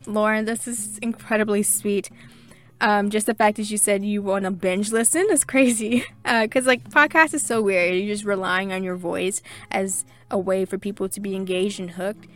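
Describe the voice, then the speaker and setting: A woman's voice: medium pitch, fairly even intonation, normal speed, a bit bright, soft background music. A young woman hosting her own podcast, reading listener reviews aloud and thanking each one in a gushing, chatty way full of fillers. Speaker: podcast host.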